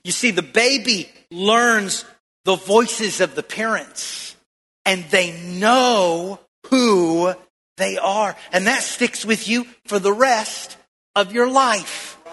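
Male pastor, bright ringing voice, call-and-response sermon, echoey church hall. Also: high voice, slow. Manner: preaching with call-and-response questions to the congregation.

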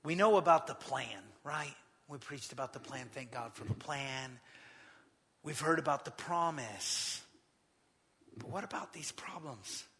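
A man preaching a sermon, retelling scripture with lively acted-out quotes. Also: mid-range voice, measured pace, husky, big-room sound. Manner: animated storytelling, acting out quotes. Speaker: pastor.

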